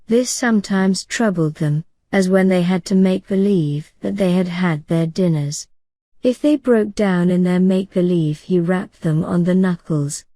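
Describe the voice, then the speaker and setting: A woman narrating a bedtime storybook in a calm, gentle reading voice. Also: fairly low pitch, measured pace, no room sound. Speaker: audiobook narrator.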